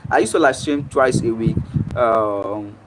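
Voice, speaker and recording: A man's voice: medium pitch, a little slow, noisy background. A man with a Nigerian accent talking casually on a live stream, explaining things step by step and checking in with "right?".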